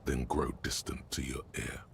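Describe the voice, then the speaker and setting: A man narrating a video game in a measured, descriptive, scripted way. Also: rumbling low, little pitch movement, gravelly, slight background noise. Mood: calm. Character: omniscient game narrator, calm, deep.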